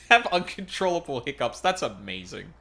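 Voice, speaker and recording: A man's voice: fairly high pitch, wildly swooping pitch, moderate pace, gravelly, bright, forceful tone. Wry, swearing gaming streamer man. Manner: swearing, wry, laughs at the game. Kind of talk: casual gaming commentary.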